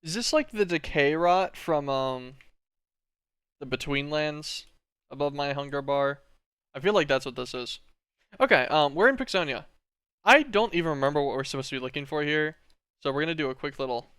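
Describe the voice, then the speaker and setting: A man streaming a game, thinking aloud in relaxed, rambling commentary. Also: a little high, normal speed, long pauses, clean tone, no echo, clean studio sound.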